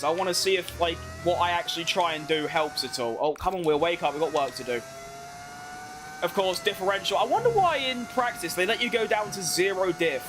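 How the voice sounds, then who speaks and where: A young man giving casual, self-mocking commentary as he plays a racing game, rambling and restarting his sentences. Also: high-pitched. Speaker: gaming video creator. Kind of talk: casual commentary over gameplay.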